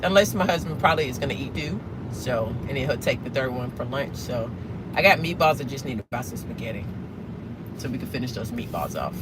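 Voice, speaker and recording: A rambling woman chats away to her viewers from behind the wheel. Steady road noise hums under her voice, picked up by a phone inside the car. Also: a bass voice. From Southern United States. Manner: rambling, chatty, asks viewers questions. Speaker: live-streaming vlogger. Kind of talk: casual chat while driving.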